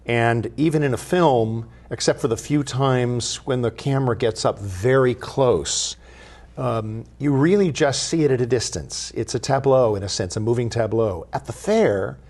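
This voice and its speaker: Brief: male TV host, living historian, mid-pitched, measured and explanatory. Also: darkish tone. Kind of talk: studio TV talk.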